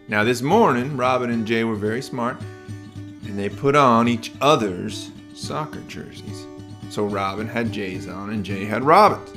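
A man telling a children's bedtime story as podcast host, in a relaxed, rambling way with fillers. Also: mid-range voice.

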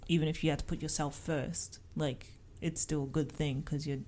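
A woman's voice: low-pitched, steady tone, normal speed, mellow, slight background noise. A young woman co-hosting a casual podcast, thinking aloud and restarting her sentences. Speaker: podcast co-host. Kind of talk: casual chat.

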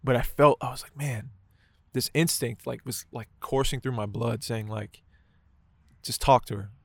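A man's voice: medium pitch, normal speed, creaky, no room sound. Man, casual storytelling, emotional, frequent swearing, filler words, dry recording. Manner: emotional, swears often, many "like" and "right". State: choked up.

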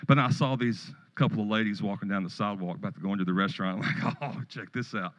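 A man's voice: on the low side, racing, fairly bright tone, poor audio. A middle-aged man pastor preaching a sermon, telling stories and joking with the congregation in a church. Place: church sanctuary.

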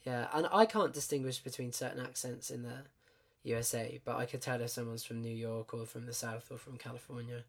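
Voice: medium pitch, fairly even intonation, fairly quick, vocal fry. A speaker from the UK with a British accent, playfully chatting about words on a podcast. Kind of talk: casual chat.

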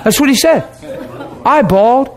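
A man preaching, telling a personal story in an animated way and dropping to a soft voice for quoted words. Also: extremely high pitch, moderate pace, a crowd in the background. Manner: animated storyteller, acts out quoted voices, laughs and gets emotional. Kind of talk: sermon storytelling.

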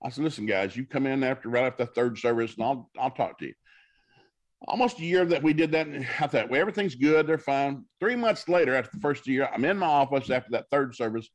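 Speaking fast at a medium pitch, a male minister tells stories as a talk-show guest. His style is folksy and preacherly, and he acts out the dialogue of those he quotes.

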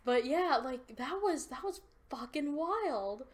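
A young woman hosting a podcast, casually telling an animated story and swearing often. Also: sits high, slow pace. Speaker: podcast host. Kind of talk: casual chat.

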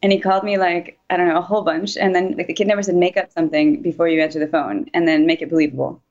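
A fairly low-voiced woman talks casually in an interview, full of filler words and lively quoted speech. The recording is slightly dull and muffled. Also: quick pace.

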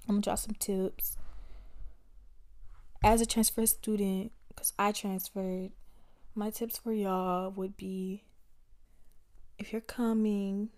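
A young woman in her twenties chats on her podcast in a loose, slangy way and often speaks straight to her listeners. Her voice is mellow and warm, with a relaxed, unhurried feel. She keeps the talk animated even through the asides. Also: mid-range voice. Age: 20s. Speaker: podcast host. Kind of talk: casual storytelling chat.

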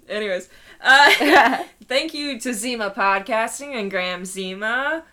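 A woman's voice: a little high, slow pace, bright, forceful tone. A young woman co-hosting a podcast, chatty and giggly, often finishing her friend's sentences. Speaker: podcast co-host. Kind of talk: casual chat.

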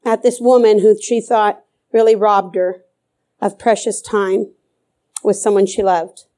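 A woman's voice: medium pitch, flat delivery, a little slow, mellow. A middle-aged woman preaching a sermon with fervor, repeating phrases for emphasis.

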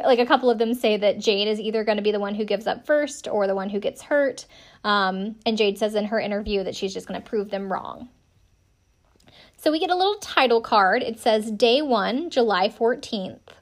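A chatty woman in her thirties, from South Carolina, hosting a casual podcast recap. Her voice sits fairly high, and she talks in a wry, self-deprecating way, with plenty of "um"s and "like"s. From South Carolina, USA. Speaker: podcast host recapping a TV episode. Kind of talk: casual chat.

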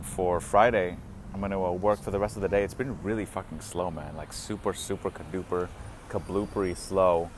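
A man's voice: sits low, noisy background. A man talking casually to the camera from his parked car, rambling with lots of fillers and chuckling asides. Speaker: vlogger.

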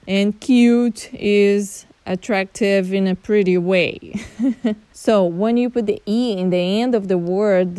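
A young Brazilian woman with a Brazilian accent, hosting a casual teaching podcast, chatty, laughing often and spelling words out slowly. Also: mid-range voice, darkish tone, clean tone, dry recording. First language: Portuguese. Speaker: podcast host.

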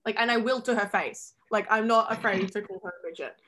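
An Australian girl in her late teens tells stories casually, relaxed and chatty. Her voice sits at an everyday middle pitch. She moves through each story quickly. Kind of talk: casual chat.

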